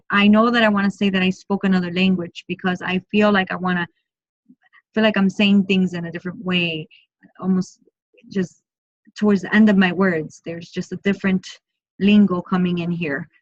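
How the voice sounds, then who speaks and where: Soft-spoken woman medium, dull lo-fi sound. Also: on the low side, steady tone, no room sound. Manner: soft, slow and repetitive, speaking in first person for the spirit. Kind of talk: online group mediumship reading.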